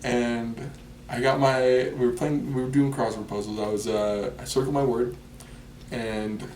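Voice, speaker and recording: A man's voice: mid-range voice, flat delivery, measured pace, a little mellow, close to an everyday voice. A man playing a defensive, rambling fisherman being interviewed in an improvised comedy sketch, who says "okay" constantly. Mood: storytelling. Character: brash touchy fisherman guest, male, young adult. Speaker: interview guest. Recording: echoey room, mic far off, faint noise.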